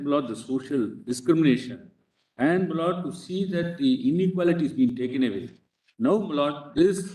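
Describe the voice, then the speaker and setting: A man's voice: a little high, dark tone, recorded from a distance. A man with an Indian English accent, arguing a case before a bench of judges and insistently addressing them as "my lord" at nearly every phrase. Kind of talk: courtroom legal argument. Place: courtroom. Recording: echoey courtroom webcast, speaker off-mic.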